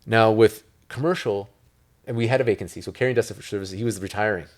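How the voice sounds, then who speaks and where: Low-voiced man telling a rambling story. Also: fast. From Italy. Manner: rambling, storytelling with filler words. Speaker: interview guest, real estate investor. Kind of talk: casual interview talk.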